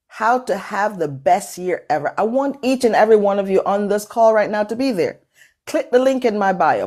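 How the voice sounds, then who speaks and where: A woman's voice: mid-range voice, darkish tone. Emphatic woman motivational speaker with accent. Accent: non-native English accent. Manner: emphatic, preacherly, repeats phrases for effect. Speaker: motivational speaker and workshop host. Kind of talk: motivational talk on a live call.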